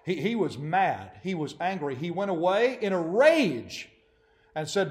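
A man preaches to a church congregation, lively and emphatic. His voice sits a little higher than most men's, and he breaks into acted-out quotes with sudden force. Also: moderate pace. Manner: animated, acts out quoted voices. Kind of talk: sermon. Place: church assembly.

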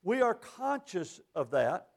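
Man, preacher, sermon, high voice, folksy, emphatic, scripture quotes. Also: sing-song, slow pace, gravelly.

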